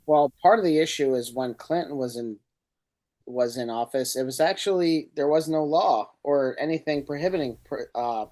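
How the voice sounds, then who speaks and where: A man's voice: a little high, normal speed, darkish tone. A man co-hosting a podcast, rambling casually and searching for words as he talks. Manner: rambling, loses words, laughs at himself. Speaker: podcast co-host. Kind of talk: casual chat.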